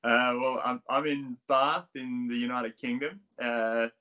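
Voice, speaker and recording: A man's voice: medium pitch, steady tone, measured pace, pushed and bright. A middle-aged man with a strong Australian accent, a swim coach chatting as a guest, rambling with many restarts. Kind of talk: casual interview chat.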